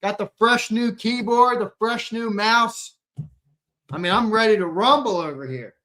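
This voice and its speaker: Profane, excitable male sports show host. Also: sits high, measured pace. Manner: profane, excitable ranting with sudden loud outbursts; jokey banter, reacting to comments and laughing. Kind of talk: casual livestream chat with viewers.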